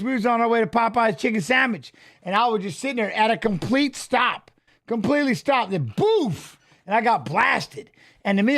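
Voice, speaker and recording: High-voiced man rambling fight commentary. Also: fairly bright tone. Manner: rambling, profane, restarts and fillers. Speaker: fight watch-along co-host. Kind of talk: casual live fight commentary and storytelling.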